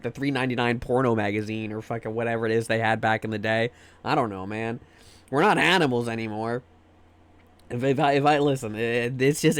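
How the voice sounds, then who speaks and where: With no room sound in the recording, this young man from the United States rants on his livestream in a voice that sits on the high side. He rambles and swears through casual stream chat, restarting sentences and repeating words as he goes.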